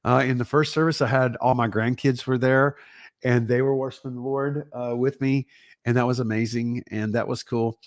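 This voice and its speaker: Speaking from home to his livestream viewers, a middle-aged Texan-accented pastor rambles upbeat and casual, greeting them one by one. His middle-pitched voice has fairly even intonation at a moderate pace, and the sound is dry and close without room echo.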